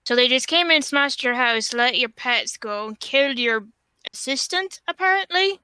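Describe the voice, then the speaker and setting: A woman's voice: sits high, expressive, normal speed, bright, forceful tone, clear, resonant tone, no room sound. A woman playing a tabletop game in character, speaking firmly and matter-of-factly. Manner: firm, matter-of-fact. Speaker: player.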